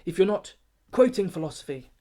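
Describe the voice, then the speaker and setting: A man's voice: high-pitched, lively intonation, brisk, dark tone, voice pushed up. A man playing a pompous, snobbish male poetry gatekeeper, reciting comic rhyming verse like an official briefing. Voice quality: pompous, grandiloquent, rhythmic recitation. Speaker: comic poet. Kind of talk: comic rhyming spoken-word satire.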